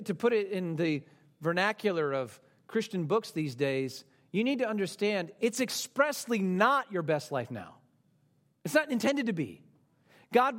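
A pastor preaching a sermon with earnest conviction, swinging from emphatic peaks to soft, low passages, with conversational asides and questions to the congregation. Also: male voice.

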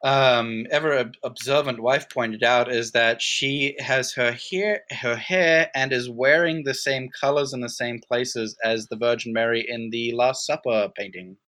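A man's voice: medium pitch, fairly even intonation, measured pace, few pauses, bright, forceful tone. A man hosting a casual movie-review podcast, talking animatedly and laughing often. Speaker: podcast host.

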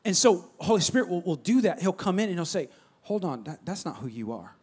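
A man with a high, bright voice preaches with lots of energy. He swings from loud calls to soft near-whispers, constantly prompting his listeners to answer. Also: lively intonation, fairly quick, slightly rough. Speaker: pastor. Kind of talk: sermon.

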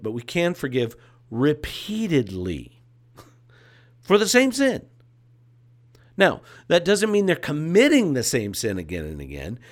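A man preaching a sermon as a pastor, with a repetitive, emphatic cadence and casual asides. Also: fairly high pitch.

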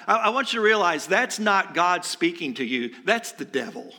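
A man's voice: high-pitched, very animated, normal speed, pushed and bright. A male pastor preaching a sermon in a conversational way, asking rhetorical questions and dropping light jokes.

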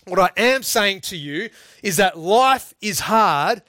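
A man's voice: sits high, animated, takes it slowly, sharp tone, no echo. A middle-aged man preaching a sermon, earnest and emphatic, often calling his listeners "folks".

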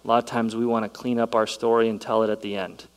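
Man preaching, soft to excited. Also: lowish voice, fast, clean tone, rough recording. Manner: dynamic preaching, swings from soft to loud and excited. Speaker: pastor. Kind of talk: sermon.

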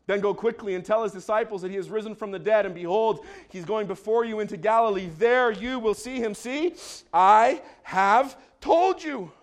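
A man preaching a sermon as pastor, exuberant, with shouted calls to the congregation and joking asides. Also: sits high, fairly even intonation, quick pace, few pauses.

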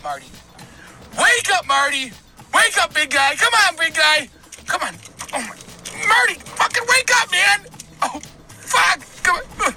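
A man voicing a panicked man yelling at his friend to wake up, swearing in a frenzy. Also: very high voice, echoey room, a little hiss or hum, voice pushed up, heavily acted.

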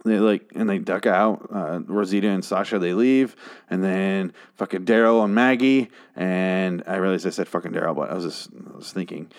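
A man's voice: low voice, fairly even intonation, moderate pace. A man giving a casual, sarcastic and profane recap of a TV episode, rambling with frequent restarts. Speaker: show host recapping a TV episode.

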